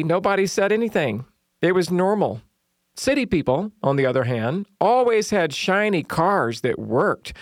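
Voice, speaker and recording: A man's voice: a little high, no room sound, studio quality. A middle-aged man, preaching a sermon with humorous storytelling. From Southern United States. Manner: humorous storytelling, lively quoted voices. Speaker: pastor.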